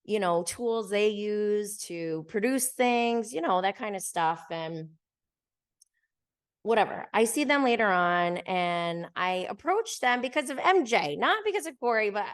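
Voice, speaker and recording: A woman hosting her own podcast, recounting a story in an easygoing, chatty way. Her pitch sits in the middle, and she fills her sentences with "like" and small laughs. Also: expressive, a little slow. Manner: chatty, many "like"s, light laughs. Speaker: podcast host. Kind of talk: casual storytelling.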